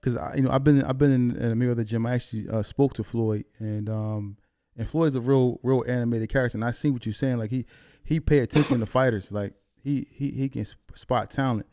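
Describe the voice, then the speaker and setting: A man interviewing a boxer, relaxed and agreeable, asking halting questions. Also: mid-range voice, no room sound, clean studio sound. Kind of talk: casual interview.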